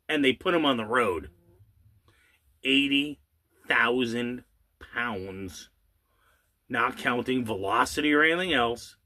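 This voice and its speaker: On his own channel, a man with a sharp, higher voice delivers an angry, sarcastic monologue full of rhetorical questions and occasional swearing. He slowly drawls certain words to emphasize them.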